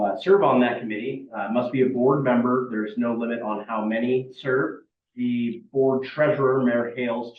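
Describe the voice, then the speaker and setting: A man giving a staff report at a board meeting, plain and full of fillers. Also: medium pitch. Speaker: staff member presenting a report. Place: meeting room. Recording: echoey room, far from mic, dull.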